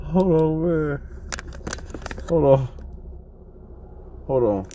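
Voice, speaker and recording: A man's voice: very high-pitched, mellow, muffled recording, a little hiss or hum. A man co-hosting a podcast, telling a story in casual, profane chat and laughing often, talking from a car. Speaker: podcast co-host.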